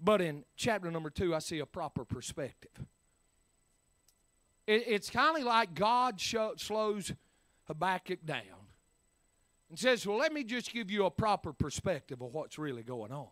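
A man preaching a sermon, swinging from quiet talk to shouting, with many "uh" fillers. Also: high-pitched, big pitch swings, measured pace, no echo.

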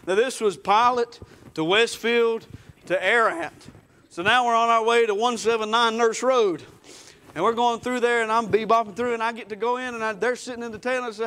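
Male preacher, high voice, folksy testimony storyteller. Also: brisk, a bit bright. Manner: folksy storytelling, acts out quotes. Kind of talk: sermon testimony.

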